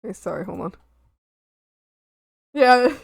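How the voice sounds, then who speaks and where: A young woman streamer chatting casually with her viewers. Her voice sits fairly high and swings widely in pitch as she talks, and she laughs easily and stays animated. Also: slow, vocal fry, slightly rough. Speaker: art streamer. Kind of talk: casual live-stream chat.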